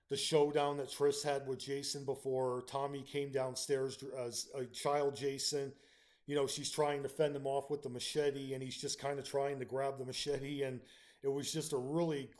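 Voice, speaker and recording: A man's voice: medium pitch, little pitch movement, moderate pace, darkish tone. A man hosting his own channel, giving a casual spoken film review with frequent ums and restarts. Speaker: channel host reviewing films.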